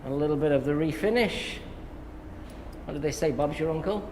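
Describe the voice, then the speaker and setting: An English hairdresser talks through a haircut while he works, easygoing and chatty between snips. His voice carries a long reverb from a hard-walled salon. Steady background noise sits under it. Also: a little high, moderate pace. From England. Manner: relaxed, jokey, talks while cutting. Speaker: hairdresser demonstrating a cut. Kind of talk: live haircut tutorial with banter.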